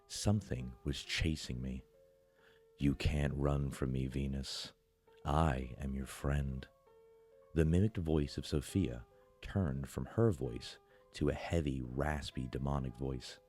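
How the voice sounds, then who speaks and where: A man with an extremely low, dark voice reads a horror story in a slow, measured way, pausing for effect. Faint music runs under the narration. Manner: slow, measured, dramatic pauses.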